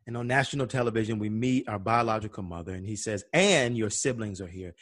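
A man's voice: fairly low pitch, quick pace, few pauses, a bit bright, dry recording, studio quality. A man from Atlanta telling a personal story in conversation, acting out the voices of the people he quotes. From Atlanta, USA. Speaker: guest.

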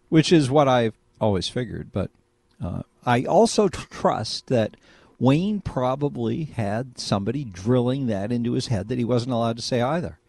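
A man's voice: medium pitch, creaky, a little mellow, dry recording. A man hosting a call-in radio talk show, rambling and conversational. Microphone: studio microphone.

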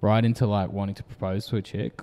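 A man with an Australian accent hosting a podcast, telling crude, animated stories full of swearing. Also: on the low side, fast, in a large hall. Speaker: podcast host. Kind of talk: casual chat.

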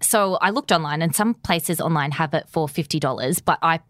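A woman's voice: deep voice, moderate pace, no room sound, studio quality. A young woman, co-hosting a podcast and telling stories in a chatty way. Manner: chatty, storytelling, lively. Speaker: podcast co-host. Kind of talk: casual chat.

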